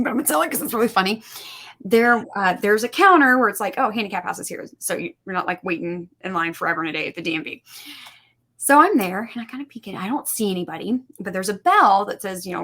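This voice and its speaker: Woman, podcast guest, casual storytelling, animated, acts out dialogue, filler-heavy. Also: medium pitch. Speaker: podcast guest, suicide prevention instructor.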